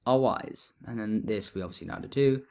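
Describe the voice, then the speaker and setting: A man explaining grammar in a relaxed lesson, thinking aloud as he writes notes. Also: fairly low pitch, fast, vocal fry. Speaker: teacher.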